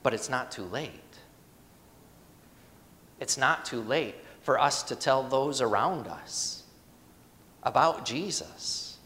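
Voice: mid-range voice, lively intonation, slow pace, long pauses, fairly bright tone, big-room sound. A pastor preaching a sermon in a conversational, emphatic way, asking the congregation rhetorical questions.

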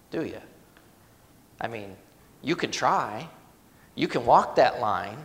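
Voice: mid-range voice, sing-song, a little slow, long pauses, long reverb tail. A pastor preaching a sermon in a conversational, emphatic way, asking the congregation rhetorical questions.

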